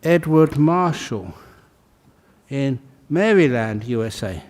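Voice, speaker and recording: A Buddhist monk leading a ceremony, calling out names in a casual, joking way and laughing between them. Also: male voice, mid-range voice, animated, takes it slowly, a little mellow. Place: large hall.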